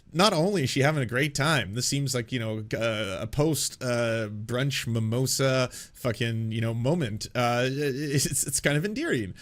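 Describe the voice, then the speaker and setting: A man's voice: medium pitch, a bit bright. A man hosting political commentary, reacting to played clips with sarcasm, laughter and profane asides.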